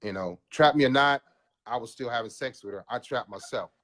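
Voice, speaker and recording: A man's voice: medium pitch, brisk, a bit bright. A man in his forties, a podcast guest, telling his story in an earnest, confessional way and calling the host bro. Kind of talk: candid personal interview.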